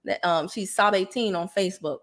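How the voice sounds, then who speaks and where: Hosting a casual livestream, a woman speaks briskly in a medium-pitched voice. She's chatty, greets viewers with shout-outs, and laughs often.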